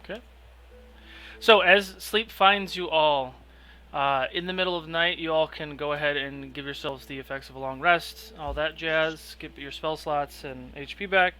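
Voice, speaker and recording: Bright-voiced man narrating as game master. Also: on the high side, normal speed, low-quality recording. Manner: relaxed, loose narration with fillers.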